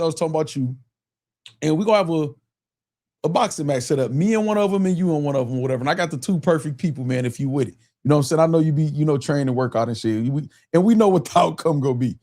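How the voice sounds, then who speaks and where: A man with a fairly high, dark-toned voice hosts a live stream, offering loose, casual commentary. He's chatty, laughs often, and reads the chat aloud.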